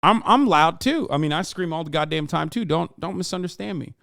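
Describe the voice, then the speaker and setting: A streamer and political commentator in his thirties talks through a casual reaction stream in a smooth, resonant, slightly high voice at a brisk pace, recorded dry and close with no room sound. He rambles with plenty of fillers and restarts, swears freely, and now and then flares up in loud exasperation.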